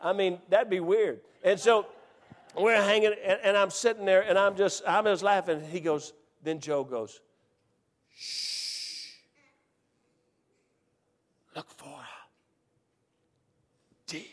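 A man telling a comic personal anecdote, lively and excitable, often laughing as he goes. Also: high-pitched, normal speed, in a large hall. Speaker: storyteller.

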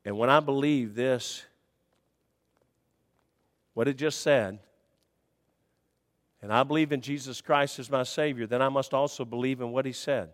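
A man preaching a sermon in a folksy, conversational way, dropping to quiet murmurs and rising to high shouts. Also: steady tone, unhurried, pauses often, long reverb tail.

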